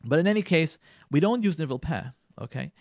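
Man, radio advice host, lively swooping delivery, somewhat high voice, emphatic and instructive, dry close sound. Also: fairly quick, dry recording. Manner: animated, acts out spouses' lines in quoted voices, repeats words for emphasis; emphatic and instructive, addresses listeners directly. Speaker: radio show host giving marriage advice.

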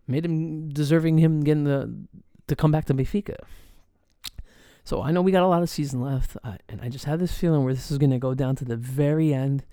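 A man's voice: a little high, fairly quick, clear, resonant tone, no echo, clean studio sound. A man hosting a casual solo soccer talk, ranting as a fan with lots of swearing and filler words. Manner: swears a lot, animated fan rant; many fillers and restarts. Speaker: soccer podcast host.

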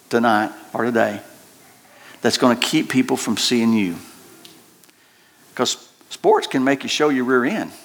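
A male pastor preaches in a folksy, storytelling manner. His voice sits at a middle pitch and climbs high when he gets excited, with laughter breaking into his sentences. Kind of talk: sermon.

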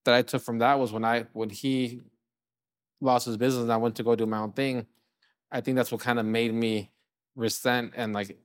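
A man's voice: mid-range voice, little pitch movement, normal speed, dry recording, clean studio sound. A man, a chef and restaurant co-owner from California, telling stories in a casual interview, full of "you know" fillers. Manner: rambling, fillers like "you know", acts out quotes.

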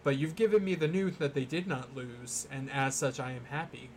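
A young man co-hosting a casual podcast, joking and playful with halting starts. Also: mid-range voice, steady tone, darkish tone, slight background noise. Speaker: podcast co-host. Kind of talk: casual chat.

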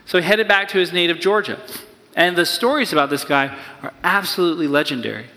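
A man preaching a sermon as pastor, energetic and playful, sometimes acting out excited voices. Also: high-pitched, fast talker, big-room sound.

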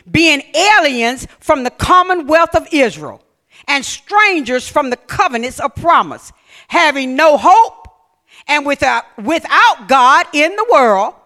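A man pastor preaching a sermon, reading scripture aloud and questioning his congregation, rising to shouted emphasis. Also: very high voice. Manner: reads scripture aloud and comments on it.

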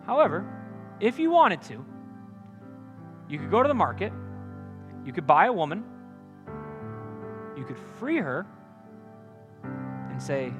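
High-voiced young man preaching earnestly. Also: very animated, slow pace, long pauses, music in the background. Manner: earnest, direct, shifts between loud punchy lines and quiet confiding ones. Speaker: campus ministry preacher. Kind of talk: sermon.

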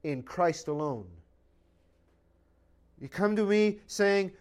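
A man's voice: high-pitched, lively intonation, slow, pauses often, clean tone. A man preaching a sermon as a pastor, emphatic and dogmatic, full of rhetorical questions.

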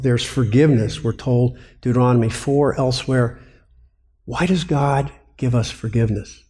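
Mellow-voiced man preaching with rhetorical questions. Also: mid-range voice, a little slow. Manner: animated, asks rhetorical questions and answers them. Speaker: preacher and biblical counseling teacher. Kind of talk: sermon.

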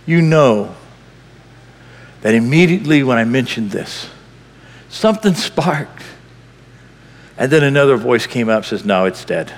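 A man preaching a sermon as pastor, impassioned, swinging between loud bursts and hushed lines. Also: medium pitch, expressive, measured pace, long pauses, in a large hall.

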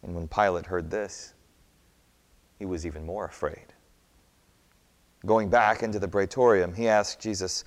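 A man narrating a scripture story in a measured, expressive reading. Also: low-pitched. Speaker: scripture reader. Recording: long hall reverb.

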